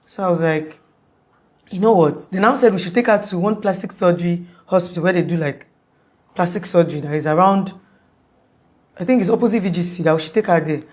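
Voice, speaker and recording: In this interview, a young female guest relates an emergency in a loose, rambling way. She keeps starting over and leans heavily on "like." Her pitch is fairly low, her pace fast, and her tone darkish.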